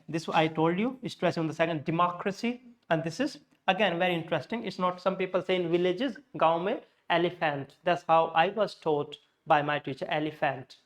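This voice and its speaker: A man with an Indian English accent teaching pronunciation, patiently repeating words slowly to show where the stress falls. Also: high-pitched. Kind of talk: classroom lesson on word stress.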